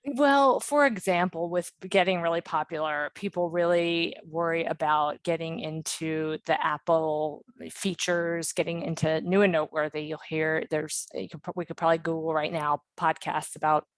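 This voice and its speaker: Lady podcast guest rambling along friendly-like, bit low voice, super dry close mic. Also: steady tone, moderate pace, hardly any pauses, no echo. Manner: chatty, many fillers and restarts, light laughs. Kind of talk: casual interview chat.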